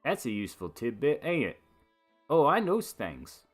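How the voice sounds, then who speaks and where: A man voicing a nosy, chatty young female servant in a game, with a put-on British accent and a high, exaggerated lilt. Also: wildly swooping pitch, normal speed, soft background music. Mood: gossipy. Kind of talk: reading game dialogue aloud.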